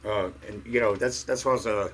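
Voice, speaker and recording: A middle-aged man telling a rambling personal story in a halting way, full of fillers and restarts. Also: fairly low pitch, fairly even intonation, a bit bright, slight background noise. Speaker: vlogger.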